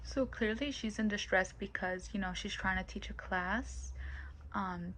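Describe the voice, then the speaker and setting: A woman rambling casually into her camera as a vlogger, blunt and quick to swear. She keeps slipping into hushed, whispered asides. A faint hiss sits under her voice. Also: medium pitch, poor audio. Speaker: commentary vlogger.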